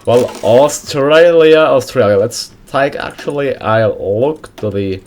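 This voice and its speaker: Guy talking over a strategy game mod, kinda halting, lots of uh and restarts, middle pitch. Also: darkish tone, slight background noise. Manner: halting, reads out names with many pauses and restarts. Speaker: video host reviewing a game mod. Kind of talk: casual screen-recorded game commentary.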